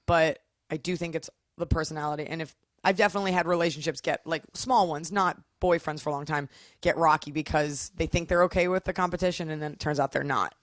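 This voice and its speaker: A young woman comedian, a guest on a podcast, talking in a casual, animated way and acting out quotes. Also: sits low, fast, dry recording, studio quality. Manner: animated storytelling with acted quotes. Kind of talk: casual chat.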